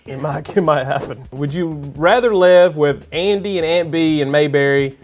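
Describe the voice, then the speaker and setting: A man hosting a show, reading out either-or questions to a guest in a brisk, upbeat way. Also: on the high side, darkish tone, faint music behind. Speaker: show host. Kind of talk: scripted interview questions.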